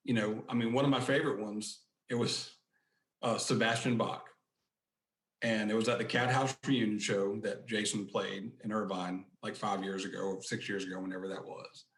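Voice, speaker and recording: A man's voice: fairly low pitch, steady tone, moderate pace, fairly bright tone. Guy on a podcast rambling thru stories, doing little voices for quotes, bit of room echo. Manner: rambling anecdotes with acted-out quotes. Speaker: podcast guest, book collector. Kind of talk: casual storytelling.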